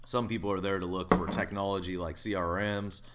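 A man's voice: sits low, fairly even intonation, fairly quick, heavy background noise. A man co-hosting a podcast, talking casually and rambling with lots of fillers. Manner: rambling, filler-heavy, laughs easily. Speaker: podcast co-host, call center owner.

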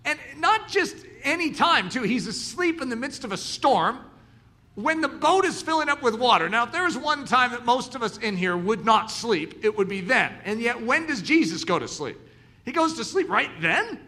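A man's voice: extremely high pitch, normal speed. A man preaching a sermon, telling stories and acting out the voices of the people in them. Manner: animated storytelling, acts out dialogue.

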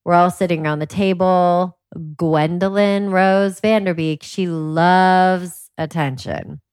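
A woman talking as a podcast guest, a lively storyteller who fills her talk with "like". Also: fairly low pitch, takes it slowly, clear, resonant tone, dry recording. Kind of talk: casual interview chat.

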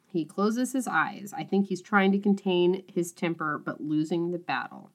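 A woman co-hosting a casual podcast, recapping a novel with profane, animated humor and dramatic read-alouds. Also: lowish voice, normal speed, hardly any pauses. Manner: animated, profane, reads aloud with exaggerated voices. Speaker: podcast co-host.

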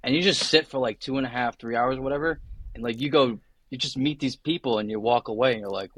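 A man's voice: medium pitch, fast talker, a bit bright. A young adult man, a guest attorney, talking casually on a podcast, chatty and full of tangents and acted-out quotes.

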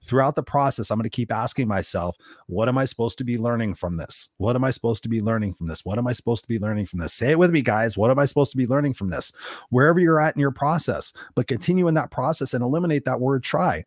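Fast-talking, blunt motivational man. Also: medium pitch, no echo, studio quality. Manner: blunt, swears a lot, animated, acts out quoted people. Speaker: podcast host. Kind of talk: unscripted motivational talk. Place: Los Angeles.

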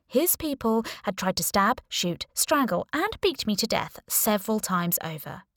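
A woman's voice: medium pitch, very animated, unhurried, a bit bright, dry recording, clean studio sound. A woman narrating a first-person audiobook in a wry, sardonic way.

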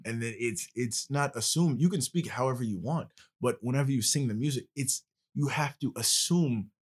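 A man's voice: medium pitch, normal speed, breathy edge. A male podcast host in casual conversation, explaining at length with passion.

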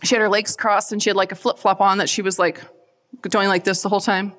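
A woman gives a lively faith talk to a live audience, her voice sitting in an ordinary middle register. She talks in a chatty, animated way and often turns questions to the crowd. Her voice rings with the long reverb of a large hall. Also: mid-range voice, fast talker. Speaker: speaker at a church event.

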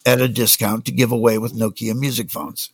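A man tells business stories in a relaxed conversational way, acting out what people said. His voice is gravelly and a bit husky, with a mid pitch. The sound is dry and close. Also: brisk, no room sound. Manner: anecdotal, acts out quoted dialogue. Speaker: music industry executive, guest. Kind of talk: conversational storytelling.

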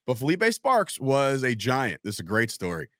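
A man's voice: mid-range voice, moderate pace, dry recording, clean studio sound. A man hosting a casual sports podcast, telling profane stories and acting out the people in them. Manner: animated profane storyteller, acts out quotes. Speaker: podcast host.

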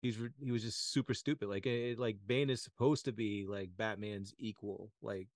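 A man's voice: lowish voice, fairly even intonation, normal speed, no room sound, studio quality. A man in his forties chatting casually as a podcast guest, swearing freely and joking at his own expense. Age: 40s. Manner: swears freely, self-mocking. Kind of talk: casual chat.

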